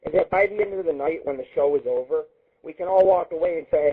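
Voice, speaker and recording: A man hosting an internet radio show, telling crude rambling stories in a profane, excitable monologue. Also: on the high side, fast. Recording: husky lo-fi phone-line sound.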